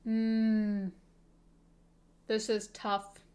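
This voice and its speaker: A young woman streaming, chatting casually and thinking aloud with soft laughs. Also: mid-range voice, completely flat delivery, very slow.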